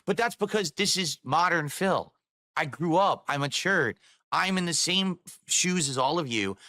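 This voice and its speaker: A man's voice: on the high side, bright, forceful tone, no room sound, clean studio sound. A man live-streaming a heated rant to his chat, swearing and firing off rhetorical questions.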